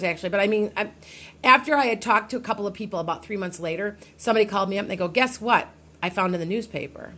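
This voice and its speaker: Middle-aged woman, casual storytelling, rambling, medium pitch. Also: bright, forceful tone. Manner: rambling, many restarts and fillers. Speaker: psychic medium vlogger.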